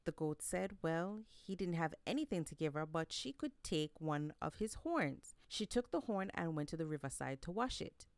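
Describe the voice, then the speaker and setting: A woman telling folk tales aloud with an expressive, read-aloud delivery. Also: low voice, moderate pace, hardly any pauses, dry recording. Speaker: storyteller. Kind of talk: storytelling narration.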